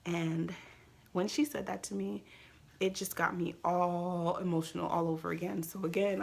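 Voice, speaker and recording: A woman's voice: fairly low pitch, fairly even intonation, normal speed, gravelly, breathy edge. A woman vlogger candidly telling a personal story as she shares tips, confiding in tone and often quoting what people said. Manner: candid, confiding, with quoted dialogue and soft trailing phrases. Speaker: vlogger sharing pregnancy coping tips.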